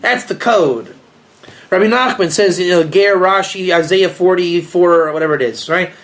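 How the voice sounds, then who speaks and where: A man's voice: high-pitched, moderate pace. A man, a rabbi, giving a rambling, joking informal lecture to a small group and asking them questions. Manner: rambling, joking, animated, asks the audience questions.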